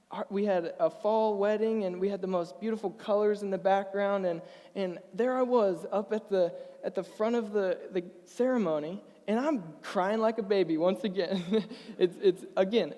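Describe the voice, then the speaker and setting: A young man with a high voice preaches to his church, earnest and emotional, often stumbling over his words and laughing lightly. His voice rings with the long reverb of a large church hall. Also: a little mellow. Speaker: pastor. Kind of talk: sermon with personal story.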